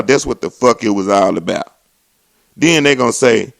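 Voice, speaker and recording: Gravelly man ranting. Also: a little fast, dry recording. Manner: animated, swings into mocking voices and high exclamations. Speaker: comedy show host. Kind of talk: profane comedic rant.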